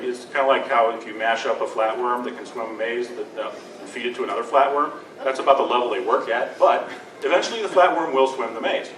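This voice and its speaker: Lively man telling lawyer stories. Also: mid-range voice. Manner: lively, laughing, mimics voices in quotes. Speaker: lawyer on a convention panel. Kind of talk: animated storytelling to an audience. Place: convention panel room. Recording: echoey room from far off with noise.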